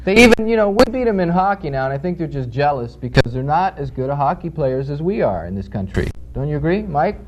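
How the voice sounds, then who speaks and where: A man's voice: fairly high pitch, big pitch swings, quick pace, few pauses, lo-fi sound. A man hosting a zany comedy talk show, rambling and interrupting with absurd remarks. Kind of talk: zany improvised comedy chat. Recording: noisy background.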